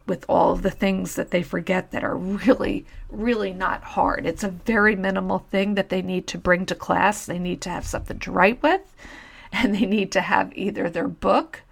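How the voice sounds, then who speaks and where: Woman teacher-podcaster, blunt and conversational, a bit of vocal fry, mid pitch. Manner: frank, matter-of-fact, conversational with asides. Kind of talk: solo podcast advice talk.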